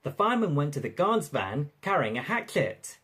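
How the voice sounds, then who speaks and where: A narrator reading a railway storybook aloud in an expressive, lively way. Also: mid-range voice, normal speed, breathy edge.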